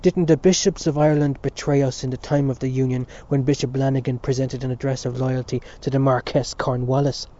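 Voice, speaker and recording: A man playing a fervent, bitter middle-aged man who shouts hoarsely and passionately. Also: medium pitch, level tone, fairly quick, hardly any pauses, natural voice. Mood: impassioned. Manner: loud, impassioned, hoarse shouting. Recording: dull lo-fi recording.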